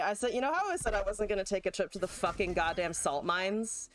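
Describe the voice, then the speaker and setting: A woman's voice: mid-range voice, lively intonation, a little fast, few pauses. A woman streaming a card game live, talking through her plays, swearing and venting at her opponent with frequent laughs. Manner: salty, profane, exasperated outbursts at opponent; chatty, laughs often.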